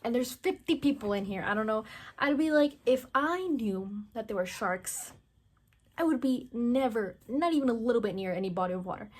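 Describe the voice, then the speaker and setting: A woman's voice: a little high, expressive, normal speed, a little mellow. Chatty woman rambling through a movie recap. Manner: rambling, chatty, heavy use of "like", acts out characters' lines; blunt, mocking asides. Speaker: movie reviewer.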